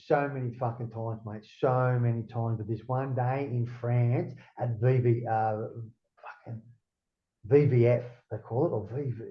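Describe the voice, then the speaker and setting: A middle-aged Australian man, an interview guest, telling rambling, animated stories full of swearing. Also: medium pitch, measured pace. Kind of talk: casual storytelling. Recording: roomy, dull lo-fi sound.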